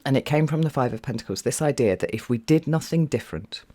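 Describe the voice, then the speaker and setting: A man giving a casual tarot reading, talking in a chatty, meandering way with many fillers and at times dropping to a soft half-whisper. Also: mid-range voice, lively intonation, fast talker. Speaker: tarot reader.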